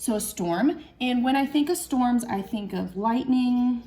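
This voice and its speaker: A young woman teacher talks to young children in a recorded class lesson. She speaks patiently and slowly, sounding out each word and clapping the syllables. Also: on the high side, animated, warm tone.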